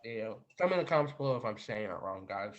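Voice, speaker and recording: A man's voice: on the low side, animated, fast, lo-fi sound. A man hosting a podcast, casually and animatedly retelling a dream to his viewers and often saying "literally" and "guys". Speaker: podcast host.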